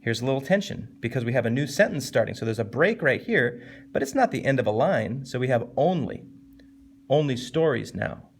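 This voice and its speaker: A man teaching a casual, animated literature lesson, jumping up in pitch to stress points and slowing down to read poem lines. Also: slight background noise. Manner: animated, conversational, with sudden lifts in pitch for emphasis; reads poem lines slowly and deliberately.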